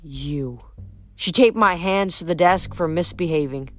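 A woman's voice: lowish voice, a little slow, no echo, faint music behind, lightly acted. A woman reading aloud, voicing an alarmed, defensive teenage girl. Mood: upset.

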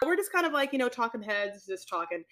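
Woman podcast co-host, somewhat high voice, sassy and animated, throws in "honey". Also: fast, over a noisy crowd. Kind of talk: casual chat recapping reality TV.

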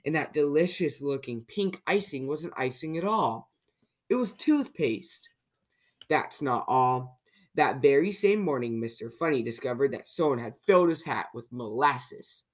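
Kids' podcast host reading a storybook out loud, lively, keeps asking the listener questions. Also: medium pitch, normal speed. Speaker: children's story reader. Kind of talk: reading a picture book aloud to children.

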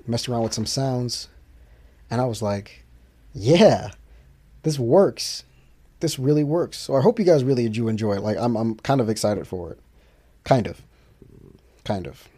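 An independent musician hosts his own podcast, talking casually to listeners in a solo monologue. His voice is mellow and on the low side. He rambles, restarts sentences, and fills pauses with fillers.

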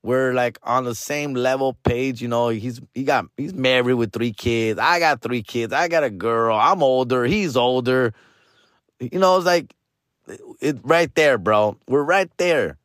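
A man's voice: mid-range voice, unhurried, fairly bright tone, dry recording, clean studio sound. A middle-aged man and podcast host, chatting casually in a rambling, profane way and dropping Spanish slang into his English. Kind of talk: casual chat.

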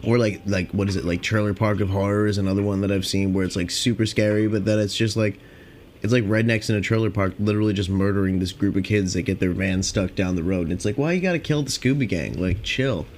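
A young man hosting a podcast, rambling casually and profanely with lots of filler, and high on cannabis. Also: little pitch movement, fast, a little mellow, a little hiss or hum. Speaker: podcast host.

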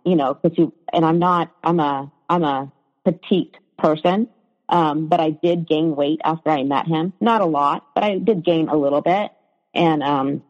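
A woman telling her own story in a conversation, hesitant, with frequent fillers and restarts. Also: low-pitched. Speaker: guest sharing her story. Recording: reverberant, dull lo-fi sound.

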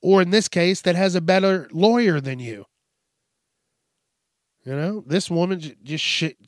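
A man's voice: sits high, unhurried, no room sound, studio quality. A man hosting a casual, profane news commentary show, rambling and laid-back as he reacts to stories. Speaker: host.

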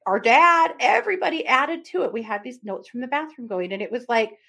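Fairly high-pitched, brisk, gravelly and slightly rough, this woman's voice tells a family story on the podcast she co-hosts. The chat is casual, and she brings it to life with frequent laughter and acted-out quotes.

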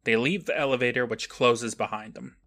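Podcast dude recapping a kids show, snarky, bright clear voice. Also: male voice, medium pitch, a little fast. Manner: sarcastic, recapping plot with asides. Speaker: podcast co-host. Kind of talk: casual recap chat.

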